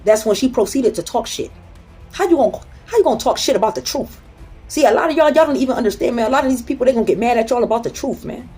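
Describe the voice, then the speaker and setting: Blunt husky-voiced woman, faint music. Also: fairly high pitch, expressive, fast talker, warm tone. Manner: blunt, profane, storytelling. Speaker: motivational talk host. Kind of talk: casual motivational talk.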